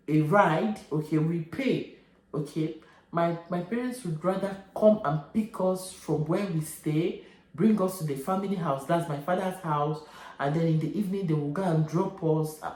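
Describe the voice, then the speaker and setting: Nigerian woman in her 30s, emotional vlogger, low mellow voice, halting and repetitive, roomy echo. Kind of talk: emotional personal vlog.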